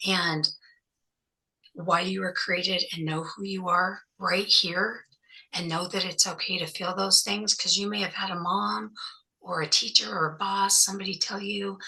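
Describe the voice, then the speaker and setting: A woman's voice: medium pitch, gravelly, sharp tone, rough recording. A woman interview guest speaking as a survivor and activist, talking in an emphatic, encouraging way. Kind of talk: conversational interview advice.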